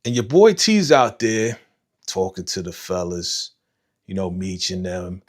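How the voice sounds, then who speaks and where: A man's voice: low-pitched, measured pace. Slangy man hosting a live reaction stream. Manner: animated, slangy, retells scenes with voiced quotes; talks to live chat viewers by name. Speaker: livestream host reacting to a TV episode. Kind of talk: casual live reaction commentary.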